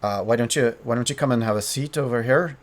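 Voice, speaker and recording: A man's voice: medium pitch, fast talker, close to an everyday voice. A man voicing a genial male town lord, speaking in a put-on Irish accent with a hearty, welcoming manner.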